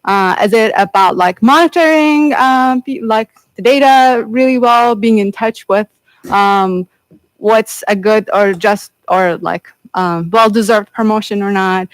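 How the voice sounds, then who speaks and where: A woman in the audience asking the speaker a long question, pausing often with fillers. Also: medium pitch, dry recording, poor audio. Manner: hesitant, with many fillers. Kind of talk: question from the floor.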